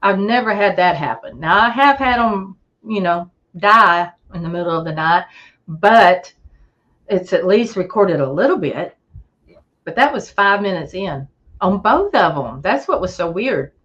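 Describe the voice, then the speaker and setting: A woman tells a story in a relaxed chat, her pitch swooping up as she acts out the voices of the people she quotes. The sound is muffled and lo-fi, like call audio. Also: measured pace. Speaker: podcast guest.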